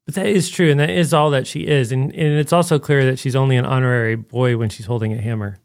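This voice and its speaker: A man's voice: mid-range voice, quick pace, no echo, clean studio sound. A man co-hosting a podcast, talking through a movie review in a loose, rambling way full of fillers. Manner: rambling, animated, frequent "like" fillers. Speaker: podcast co-host. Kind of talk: casual film review chat.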